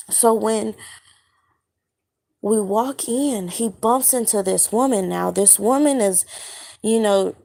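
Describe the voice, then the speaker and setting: Woman, just awake, slow halting delivery with fillers; gravelly vocal fry, dream-retelling vlog. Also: medium pitch, dark tone. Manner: halting, searching for words, many fillers. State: just woken up. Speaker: spiritual vlogger. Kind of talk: casual monologue recounting a dream.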